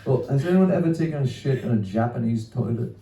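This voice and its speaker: A man's voice: medium pitch, animated, fast talker, dark tone, roomy sound, lo-fi sound, slight background noise. Male stand-up, crude crowd-work storyteller, caught from a distance with faint room ambience. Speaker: stand-up comedian. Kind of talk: stand-up comedy set. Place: small comedy venue.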